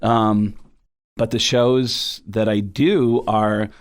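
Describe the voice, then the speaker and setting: A man's voice: fairly low pitch, very slow, clean tone. A man, a stand-up comedian from the Bronx without a Bronx accent, telling stories in a casual interview. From the Bronx, New York. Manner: animated storyteller, slips into impressions.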